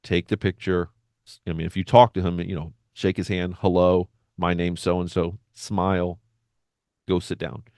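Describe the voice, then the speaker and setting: Brief: low-pitched male storyteller, conversational monologue, dry close recording. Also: moderate pace, no room sound. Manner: animated retelling with acted-out quotes. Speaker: benzo recovery coach.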